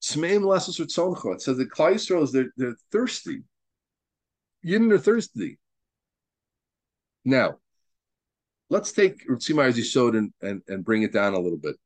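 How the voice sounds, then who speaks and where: A man's voice: medium pitch, no echo. A rabbi giving a Torah lesson to a study group, emphatic and repeating words as he builds each point, with Hebrew and Yiddish terms mixed into his teaching.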